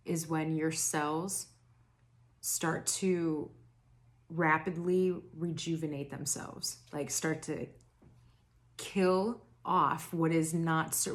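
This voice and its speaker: A young woman doing a casual spiritual reading to camera, rambling and self-interrupting, her throat raspy and tired. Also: deep voice. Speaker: tarot reader.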